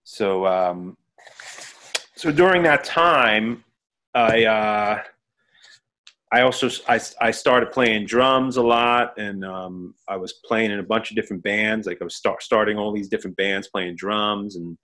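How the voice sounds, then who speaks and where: A middle-aged man, a musician and producer, talking as a guest in a casual interview, halting with many fillers. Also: fairly low pitch, pushed and bright.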